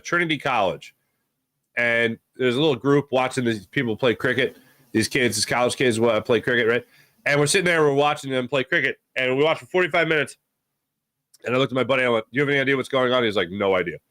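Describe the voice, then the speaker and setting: Casting note: Philly-male sports host, bright, dry close sound, loose rambling banter with the chat. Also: medium pitch, dry recording. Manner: rambling, jokey, reacts to chat names. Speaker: sports talk show host. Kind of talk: casual live-stream chat reading comments.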